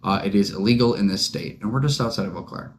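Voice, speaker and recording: A young man co-hosting a podcast tells a long, rambling anecdote in casual chat, animated and packed with fillers. His voice is lowish and he talks fast, with slight background noise.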